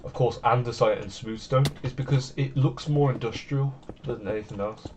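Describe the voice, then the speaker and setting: A man's voice: medium pitch, moderate pace, lo-fi sound, noisy background. A man streaming a building game, rambling along in easygoing, self-deprecating chat at his computer. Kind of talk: casual gameplay commentary.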